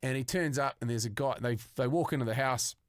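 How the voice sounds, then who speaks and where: A man's voice: medium pitch, a little fast, no room sound, clean studio sound. A young Australian man telling a story casually on a podcast, swearing freely and acting out the voices of the people in it. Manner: swears often, acts out quoted voices. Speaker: podcast co-host.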